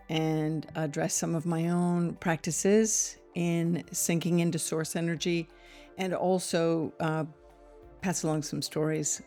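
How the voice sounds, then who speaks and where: Lower-voiced woman host, teary and giggly, casual spiritual chat over faint music. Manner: emotional, laughs often, warm and chatty. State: close to tears. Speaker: podcast host. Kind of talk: casual spiritual podcast talk. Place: small office studio, seated at a desk.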